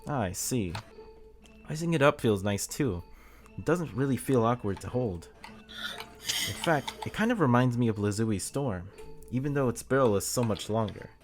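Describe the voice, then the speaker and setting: A man's voice: medium pitch, expressive, moderate pace, soft background music, natural voice. A man reading the lines of a young male fighter who looks over a friend's weapon, in his own plain voice and stumbling over words now and then. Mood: curious.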